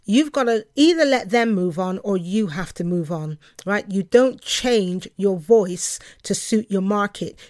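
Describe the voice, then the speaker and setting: A woman hosting a solo podcast, talking passionately and emphatically in a fast, lively way. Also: medium pitch, no room sound, clean studio sound. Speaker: podcast host.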